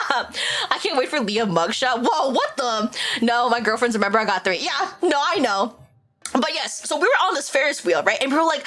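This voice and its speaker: A young woman streamer chatting casually with her viewers, animated and talkative, swearing and laughing often. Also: fairly high pitch, fairly quick. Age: young adult. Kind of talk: casual livestream chat.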